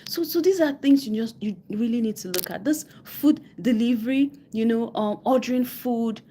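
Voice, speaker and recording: A West African–accented woman acts as a money coach on a live stream, her voice a little high and warm in tone at a moderate pace. She hammers home ideas by repeating key phrases. When she quotes people, she's emphatic and uses mock voices.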